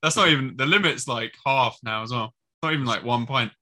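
Bright-voiced joking podcast guest man. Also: medium pitch, fairly quick. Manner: joking, storytelling, laughs often. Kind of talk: casual podcast chat.

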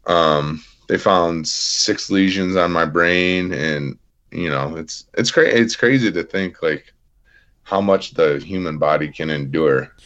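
Deep-voiced man telling a war story. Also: slow, fairly bright tone, muffled recording. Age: 30s. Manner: plainspoken, self-deprecating, fillers and restarts. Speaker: podcast guest, Marine veteran. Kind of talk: casual storytelling interview.

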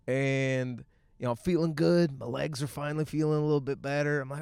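A young man hosting a solo podcast, ranting in a profane, animated way and laughing through his stories. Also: on the high side, brisk, vocal fry, smooth, no room sound, studio quality. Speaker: podcast host.

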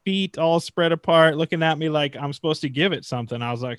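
A man's voice: a little high, fast, a bit bright, clear, resonant tone, dry recording. A man co-hosting a podcast as a religious brother, telling rambling stories in casual chat, full of fillers. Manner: rambling storyteller, many fillers.

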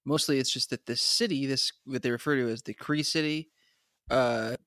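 A man co-host talks in a relaxed, hesitant way, stopping often to restart his sentences. His voice is of middle pitch, and the recording is dry and close. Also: moderate pace, no echo. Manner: hesitant, many uhs and restarts. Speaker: podcast co-host. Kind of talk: casual chat.

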